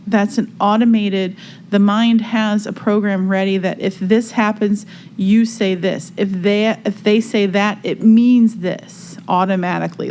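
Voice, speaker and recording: Woman podcast cohost, thinking out loud, lots of "like"s, mid pitch. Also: slight background noise. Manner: reflective, searching for words, lots of fillers. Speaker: podcast co-host. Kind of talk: casual spiritual chat.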